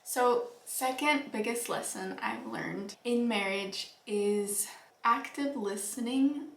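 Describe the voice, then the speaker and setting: A young woman vlogger giving earnest, reflective advice to the camera, with soft laughs and fillers. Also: a little high, slow, distant mic. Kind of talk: casual advice talk to camera. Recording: echoey room, voice a bit off-mic.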